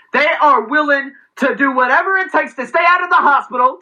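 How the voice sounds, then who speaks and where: A man's voice: extremely high pitch, bright, forceful tone, muffled recording. A man delivering a heated, profane, sarcastic vlog rant. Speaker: vlogger. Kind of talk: ranting vlog commentary.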